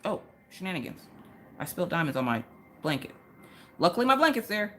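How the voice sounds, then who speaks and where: Low-voiced woman ranting on a crafting livestream. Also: brisk, a little hiss or hum. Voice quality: ranting, animated, with sudden high exclamations. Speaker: livestream host. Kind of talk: casual chat while crafting. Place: home.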